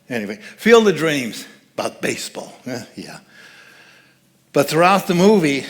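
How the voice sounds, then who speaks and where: A man's voice: mid-range voice, a bit bright. A man speaking as guest speaker at a church service, giving a conversational, joking sermon and laughing at his own asides.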